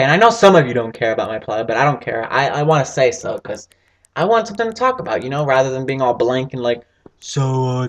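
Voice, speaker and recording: A man rambling through casual gameplay commentary as a gaming video host, swearing freely. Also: mid-range voice.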